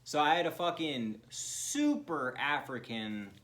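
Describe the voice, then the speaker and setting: A man, co-hosting a comedy podcast and telling profane, laughing childhood stories. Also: takes it slowly. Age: 20s. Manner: profane, laughing, drops into low flat voice to quote others. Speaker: podcast co-host. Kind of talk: casual comedic storytelling.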